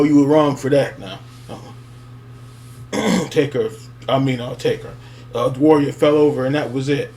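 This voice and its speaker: A man's voice: medium pitch, darkish tone. Rambling nostalgic man with faint hum. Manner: rambling, many fillers, laughs and chuckles. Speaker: wrestling fan vlogger. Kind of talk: casual nostalgic monologue.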